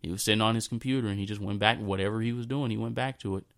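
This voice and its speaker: A man in his thirties recounts a memory in an unscripted monologue. His voice sits low and sounds smooth and clear. He often restarts and repeats phrases, and sometimes drops to a soft murmur. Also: fairly even intonation. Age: 30s. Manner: halting, repeats himself, drifts into a soft low voice. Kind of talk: personal storytelling monologue.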